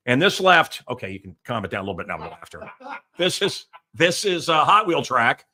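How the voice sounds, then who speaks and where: A man's voice: mid-range voice, very animated, fairly quick. Blustery, crude male talk show host. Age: middle-aged. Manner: loud, blustery and crude, with mocking put-on voices. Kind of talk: rambling political rant.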